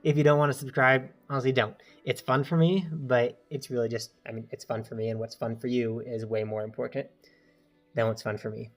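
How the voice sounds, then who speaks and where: Brief: male gaming creator, talky play-by-play, mid pitch, loud groans at misses. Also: steady tone, a little fast, faint music behind. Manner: chatty, reacts loudly to bad throws. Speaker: gaming YouTuber. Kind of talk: casual gameplay commentary.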